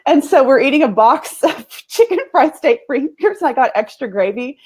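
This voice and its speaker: A woman from Texas with a Texan accent, a guest telling a story in a casual chat, animated, folksy and laughing. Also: high voice, moderate pace, husky. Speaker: guest, agency owner.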